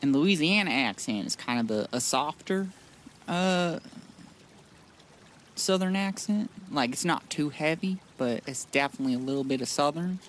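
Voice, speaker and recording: A man's voice: fairly high pitch, expressive, moderate pace, a bit bright, slight background noise. Rambling, blunt male game streamer. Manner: rambling, blunt, with frequent restarts and swearing. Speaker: streamer playing a modded game. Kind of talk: casual live-stream chat.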